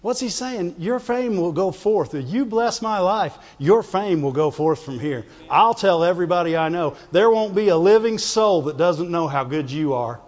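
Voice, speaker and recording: Fervent preacher, high male voice, long echo in a big hall, call-and-response delivery. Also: expressive, moderate pace, few pauses, darkish tone. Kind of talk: sermon. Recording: dull lo-fi sound with long hall reverb.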